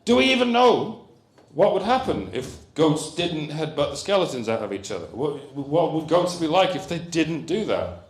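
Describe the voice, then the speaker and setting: Animated man giving a comic lecture. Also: fairly high pitch, moderate pace. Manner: animated, jokey, rambling asides. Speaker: comedian giving a conference talk. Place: conference hall. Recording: roomy hall echo.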